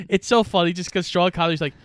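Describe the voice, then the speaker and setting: A man narrates a film's plot step by step in relaxed chat, dry and amused. His voice is somewhat high for a man and clear. The recording is close and dry. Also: brisk, no room sound. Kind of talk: casual movie recap narration.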